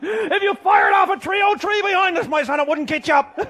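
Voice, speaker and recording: A very high-pitched man with a thick Newfoundland accent spins a comic tall tale. He is boisterous, often shouting and laughing mid-sentence. A faint hiss of background noise sits under his voice. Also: brisk, vocal fry, some chatter behind. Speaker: comic storyteller.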